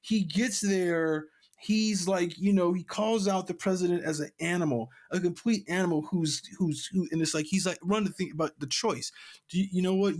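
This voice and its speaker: A man chatting on a comics podcast, his voice sitting a touch high. He retells the story in bursts, tripping over restarts and leaning on "you know" as he gets worked up. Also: normal speed. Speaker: podcast co-host. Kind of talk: casual chat.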